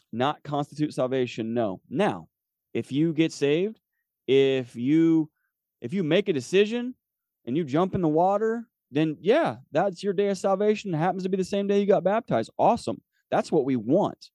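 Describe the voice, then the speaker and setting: A podcast host and preacher teaches from the Bible in a relaxed, conversational way, reading scripture aloud and repeatedly checking in with "okay?" His voice is mellow and low-toned, and the close mic makes the recording dry.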